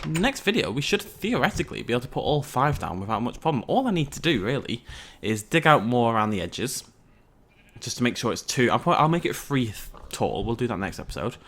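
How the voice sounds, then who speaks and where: A man's voice: mid-range voice, a bit bright, a little hiss or hum. A man, hosting a let's play and giving casual, rambling gameplay commentary while chatting to his viewers. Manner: chatty, rambling, self-mocking, talks to viewers.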